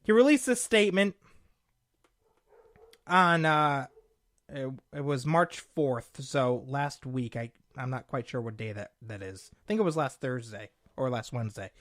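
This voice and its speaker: A man's voice: medium pitch, animated, unhurried, a bit bright, dry recording, studio quality. A young man hosting a political talk show, delivering combative, sarcastic commentary and calling his listeners folks.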